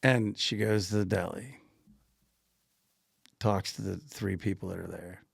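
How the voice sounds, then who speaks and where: A man co-hosting a podcast, casually telling an animated anecdote, laughing often and repeating himself. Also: low-pitched, a little slow, vocal fry, breathy edge, dry recording, clean studio sound. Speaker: podcast co-host and grocery store owner.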